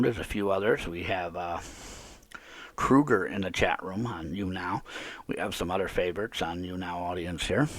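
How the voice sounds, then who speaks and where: A man with a very low, husky voice rants indignantly as he hosts a live call-in podcast. He circles back on the same complaints over and over, sounding close and dry with no room around him. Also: dry recording. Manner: ranting, repetitive, indignant. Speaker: podcast host.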